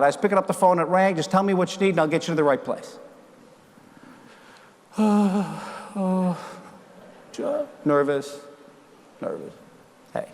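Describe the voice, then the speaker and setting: A man in his sixties, a keynote speaker, telling stories on stage and acting out the dialogue. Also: a little high. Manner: animated storyteller acting out dialogue. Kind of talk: keynote speech storytelling. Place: large conference hall. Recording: long hall reverb.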